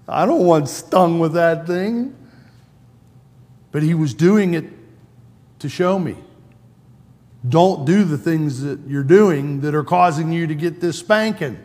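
A man's voice: a little high, takes it slowly, long pauses, in a large hall. A man preaching a sermon in a conversational way, acting out quoted lines with a raised voice. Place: church sanctuary.

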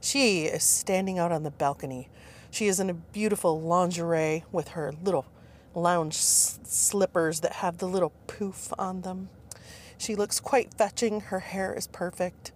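A woman's voice: fairly low pitch, steady tone, a little slow, slight background noise. A woman in her fifties hosting a podcast, telling stories in a playful, chatty, self-mocking way. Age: 50s. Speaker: podcast host. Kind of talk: casual podcast storytelling.

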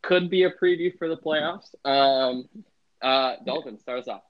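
A man's voice: medium pitch, unhurried. A young man hosting a casual sports podcast, rambling with lots of filler words. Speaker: podcast host. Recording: muffled lo-fi sound.

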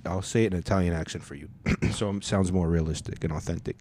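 A man's voice: sits low, a little fast, dark tone, no echo. A man hosting his own podcast in casual solo commentary, rambling and profane, with frequent restarts. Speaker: podcast host.

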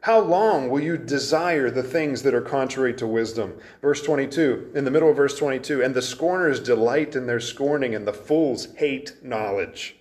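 A man's voice: mid-range voice, normal speed, hardly any pauses, a little mellow. A man preaching an expository sermon in an earnest, emphatic way, with frequent restarts as he explains the verses.

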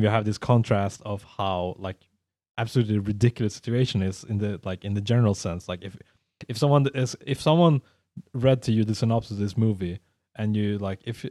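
A man's voice: fairly low pitch, dry recording, studio quality. A man co-hosting a film podcast, rambling through his points with many restarts. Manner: rambling, restarts often, animated when making a point. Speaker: podcast co-host. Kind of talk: casual film discussion.

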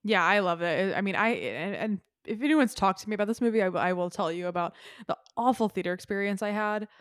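A woman's voice: mid-range voice, expressive, a little fast, no echo, clean studio sound. A woman co-hosting a podcast, chatting casually about films, giggly and enthusiastic, tripping over repeated words. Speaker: podcast co-host. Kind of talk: casual film chat.

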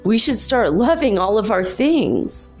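A woman's voice: medium pitch, big pitch swings, measured pace, darkish tone, faint music behind. A woman voicing her earnest husband, who wonders aloud whether everything can talk. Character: earnest, guilt-stricken husband.

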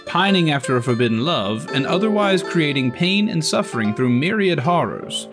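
Man, scripted dramatic narration, fantasy intro, guitar music behind. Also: fairly high pitch.

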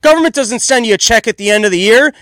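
A man in his thirties hosting a solo podcast, loud and exasperated as he rants in comedic commentary. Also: very high-pitched, animated, fast, no echo. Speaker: podcast host.

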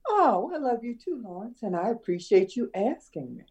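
An older woman, a retired schoolteacher from Chicago, reminiscing in a relaxed conversation and laughing often. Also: on the high side, normal speed, husky, dull audio. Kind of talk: casual conversation.

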